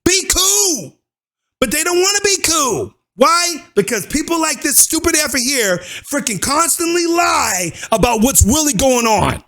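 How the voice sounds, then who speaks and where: Commentator, male, gravelly and high, preachy slang-heavy rant. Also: sing-song, a little slow, pushed and bright. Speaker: YouTube commentator. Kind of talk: ranting commentary.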